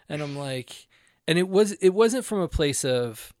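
A man with a gravelly, fry-edged voice, talking through ideas in a loose, animated way with plenty of restarts. The sound is dry and close, with no room echo. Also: on the high side, brisk. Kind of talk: casual conversation.

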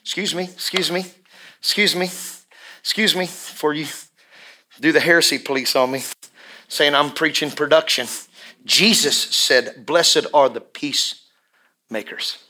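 Man, pastor mid-sermon; bright, high-leaning voice, passionate, repeats lines for emphasis. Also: steady tone. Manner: impassioned, swings from hushed to shouting; drawn-out emphatic repetitions.

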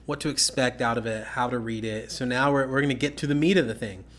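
A man at a mid-range pitch, co-hosting a casual Bible-teaching podcast. He explains things steadily and often checks in with the listener by asking "okay?". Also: quick pace, fairly bright tone, a little hiss or hum. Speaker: podcast co-host.

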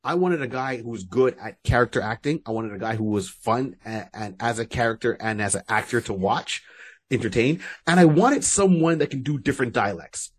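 A man's voice: mid-range voice, expressive, brisk, slightly rough. A man co-hosting a podcast, chatting casually and rambling with restarts and asides. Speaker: podcast co-host. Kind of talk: casual chat.

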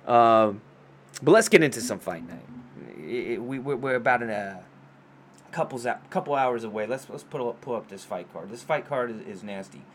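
A man hosting a casual sports show, talking fast and loose with lots of swearing and trash talk. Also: mid-range voice, slight background noise. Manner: profane, excitable trash talk.

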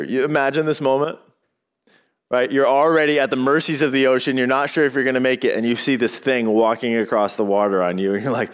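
Man, pastor, sermon, conversational, rhetorical questions, acted-out quotes, mid pitch. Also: fairly even intonation, brisk, smooth.

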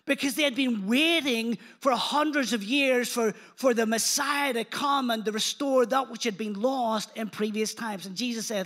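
A man preaching a sermon in church, animated and engaging the congregation, retelling scripture in casual speech. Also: very high-pitched, moderate pace. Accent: non-local accent.

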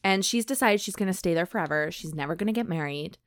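A woman's voice: on the low side, expressive, fast. A young woman co-hosting a casual podcast, joking and laughing as she reads a romance blurb and retells the plot. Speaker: podcast co-host. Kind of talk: casual chat, reading a book blurb aloud.

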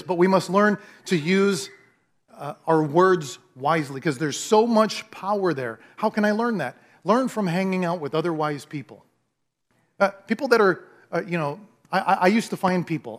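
Casting: male pastor, sermon delivery, chatty and animated, voice a bit on the high side. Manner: conversational, animated storytelling with acted dialogue.

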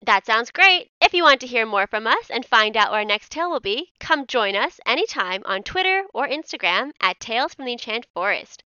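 A bubbly young woman co-hosts a podcast in a high, smooth, bright voice. Her pitch jumps around a lot. The sound is dry and close. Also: big pitch swings, fairly quick, few pauses, no room sound, muffled recording. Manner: bubbly, chatty. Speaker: podcast co-host. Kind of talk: casual chat.

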